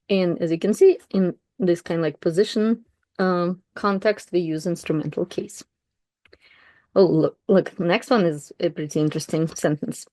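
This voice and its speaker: Russian-speaking woman, language tutor, low mellow voice, dry close recording, relaxed and unscripted. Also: measured pace, no echo. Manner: relaxed, thinking aloud with fillers and self-corrections. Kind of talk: explaining a text while reading aloud.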